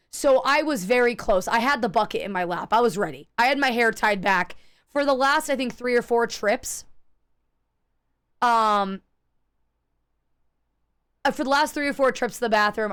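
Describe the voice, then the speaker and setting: A woman streamer chatting casually while gaming, telling stories in a profane, animated way and acting out the people in them. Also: mid-range voice, moderate pace, clear, resonant tone. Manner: acts out quoted people in her stories.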